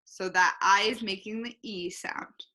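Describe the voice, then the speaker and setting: Slow, bright-voiced woman teaching phonics. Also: mid-range voice, fairly even intonation. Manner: slow, clear teacher talk, repeating each word twice. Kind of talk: recorded online phonics lesson.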